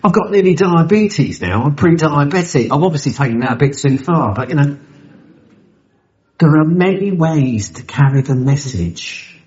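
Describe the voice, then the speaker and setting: This man's voice is fairly high and darkish, animated and at a normal speed, as he tells a personal story at a recovery meeting in a convention hall. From London, he swears freely, speaks bluntly, jokes and performs other people's voices. The live capture sounds a little lo-fi and dull.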